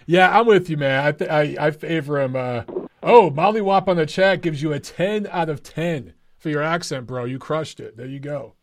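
A man's voice: a little high, moderate pace, no echo. A man hosting a call-in show, laid-back and joking with callers and chat. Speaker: talk show host.

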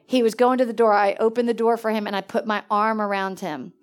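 A woman preaching in a lively storytelling way, jumping from excited bursts to hushed, quiet asides. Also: medium pitch, fast. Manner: animated, swings between excited exclamations and hushed asides. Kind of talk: storytelling sermon.

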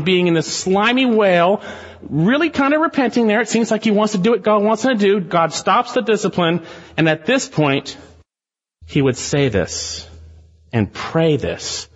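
A man's voice: high voice, expressive, moderate pace, in a large hall, dull audio. A male pastor preaching a sermon in an earnest, emphatic way, speaking straight to his congregation.

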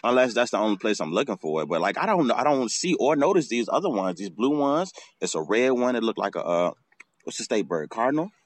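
A man's voice: medium pitch, big pitch swings, fast. A man hosting a podcast outdoors, telling a casual, swearing story and acting out the bird calls. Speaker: podcast host.

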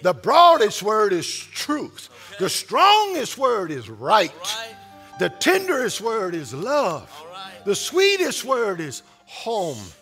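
A man pastor preaching a sermon, building up with loud, repeated refrains. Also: high voice, vocal fry. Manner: preaching with rising, shouted repetition.

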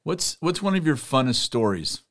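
A man hosting an interview chat, giving relaxed, brief prompts to his guest. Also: mid-range voice, normal speed. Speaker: host.

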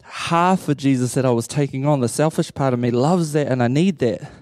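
Preacher in his thirties, warm mellow tone, humorous and lively sermon delivery. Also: medium pitch, fairly quick, dry recording, studio quality. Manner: animated storytelling with playful humor. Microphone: handheld or stage microphone.

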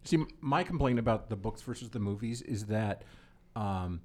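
A man's voice: fairly low pitch, animated, moderate pace, darkish tone. A man hosting a casual group chat, steering the talk and repeating words as he starts.

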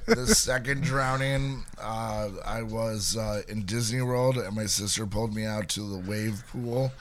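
A young adult man co-hosting a casual podcast, telling stories haltingly with many fillers. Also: lowish voice, fairly even intonation, slight background noise. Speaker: podcast co-host. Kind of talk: casual chat.

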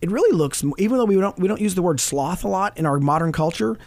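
A man's voice: high-pitched, fast talker, dry recording. A middle-aged man on a Christian talk show, speaking earnestly about fatherhood, quoting scripture and laughing often. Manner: animated, preachy, quotes scripture, laughs often.

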